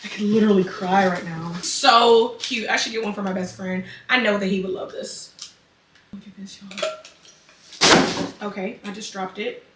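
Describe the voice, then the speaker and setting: A young adult woman vlogging a casual haul, dramatic, excitable and chatty. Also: medium pitch, fairly quick, heavy background noise. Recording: echoey room, mic at a distance.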